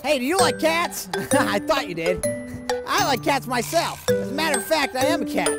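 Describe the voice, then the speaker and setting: A man playing goofy cat-man pitchman Brett Backer. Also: expressive, creaky, over loud music, full character voice. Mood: cheery. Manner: slow, over-eager pitch that breaks into rants. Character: goofy male cat-food pitchman who thinks he's a cat. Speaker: commercial pitchman in a cat costume. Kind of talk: comedy sketch, fake commercial with outtakes.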